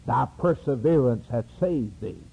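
A man preaching a sermon, rising to loud emphatic peaks and dropping to hushed low phrases. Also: animated, measured pace, vocal fry, husky, phone-quality sound. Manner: dramatic preaching with sweeping rises and drops.

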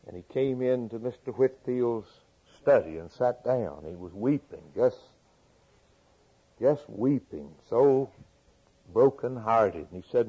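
Man preaching slow, mellow low voice, asks questions over and over, muffled lo-fi tape. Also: lively intonation, breathy edge. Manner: rhetorical questions, emphatic repetition. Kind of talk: sermon.

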